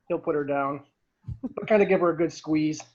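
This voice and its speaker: A man's voice: fairly high pitch, unhurried, dull audio. A man playing a tabletop game, describing his character's actions in a jovial, teasing way. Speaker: player.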